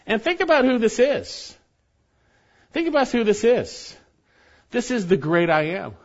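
A male pastor with a high, lively voice that swings widely in pitch, hammering on key phrases and repeating them for emphasis. His sermon comes through a dull, lo-fi church recording. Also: a little slow. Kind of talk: expository sermon.

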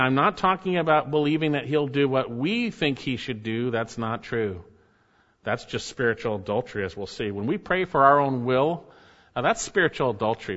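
Emphatic preacher in a dull echoing hall. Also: male voice, mid-range voice, a bit bright. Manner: emphatic, rises sharply when reading quotes. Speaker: pastor. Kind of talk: sermon.

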